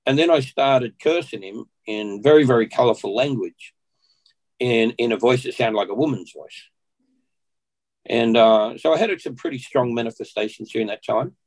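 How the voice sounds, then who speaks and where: An Australian man, a podcast guest, earnestly recounting a personal testimony at an unhurried pace and often clearing his throat. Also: medium pitch, low-quality recording.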